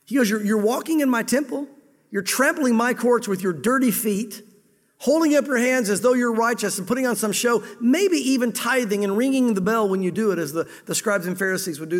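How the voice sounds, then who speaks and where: High-voiced preacher in a reverberant hall. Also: male voice. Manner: preaching with sudden loud emphatic bursts, then dropping low; voices God's words in first person. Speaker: pastor. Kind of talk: sermon.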